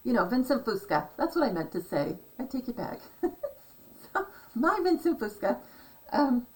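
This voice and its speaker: Excitable rambling woman, off-mic. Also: on the high side, normal speed, distant mic, poor audio. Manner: chatty, excitable, trailing off with fillers. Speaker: vlogger decoding numbers. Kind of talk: casual rambling monologue.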